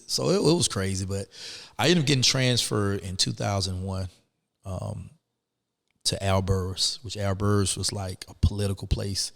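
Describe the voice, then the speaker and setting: A middle-aged man, a guest telling his story in an animated, emphatic way, full of "man" and "you know what I'm saying". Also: lowish voice, normal speed, gravelly, in a large hall. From Atlanta, Georgia. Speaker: interview guest. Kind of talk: conversational storytelling.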